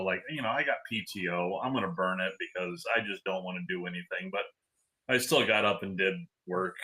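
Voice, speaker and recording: Man, podcast co-host, low voice, bright forceful tone, laid-back, chuckling. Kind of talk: casual chat.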